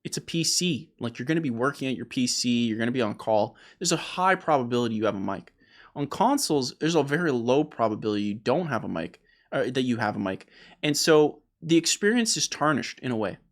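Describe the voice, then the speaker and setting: A man hosting an opinionated gaming discussion, emphatic and animated, often repeating words as he starts a point. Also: mid-range voice, a little fast. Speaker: host.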